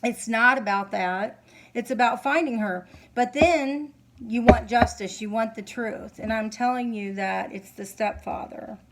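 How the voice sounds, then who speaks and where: A middle-aged woman talking to camera at home as a psychic reader, earnest and halting, sleepy and yawning. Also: medium pitch, very noisy. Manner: earnest, halting, many fillers. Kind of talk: casual monologue to camera. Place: home, candles lit.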